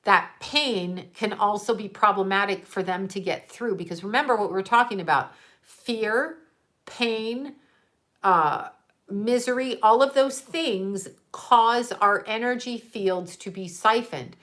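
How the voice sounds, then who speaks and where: A woman's voice: medium pitch, a little slow, fairly bright tone. A middle-aged woman working as a psychic medium, chatting casually and candidly with viewers, swearing and laughing often. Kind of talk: casual livestream chat with viewers.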